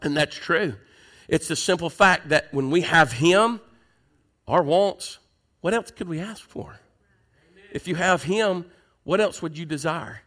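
Man preaching a lively sermon. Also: fairly high pitch, measured pace, pauses often. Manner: preaching with call-and-response questions, swings between loud and soft. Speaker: pastor.

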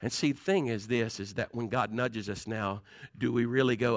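A man's voice: mid-range voice, brisk, dry recording. A man preaching a fervent sermon as pastor, firing rhetorical questions at his congregation.

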